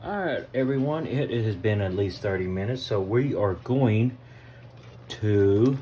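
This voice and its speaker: A man's voice: lowish voice, animated, measured pace, dark tone, a little hiss or hum. A man with a Southern US accent hosting a casual cooking vlog from his home kitchen, chatting folksily to viewers and calling them y'all. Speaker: cooking video host.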